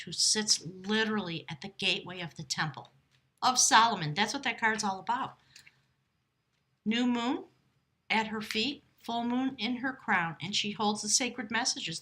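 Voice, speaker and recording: Tarot reader, woman, bright and forceful tone, emotive musing delivery with drawn-out emphasis. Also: medium pitch. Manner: emotive, musing, drawn-out emphasis, brief whispered asides to spirit. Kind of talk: channeled tarot reading.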